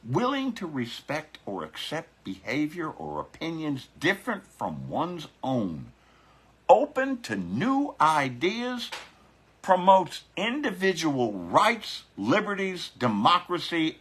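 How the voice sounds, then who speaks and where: A husky, bright-voiced man rants into his phone, swearing and fiery as he talks to his viewers. His pitch swings widely while he drags the words out slowly, circling back to the same catchphrases. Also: wildly swooping pitch. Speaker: biker vlogger. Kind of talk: profane live-streamed political rant.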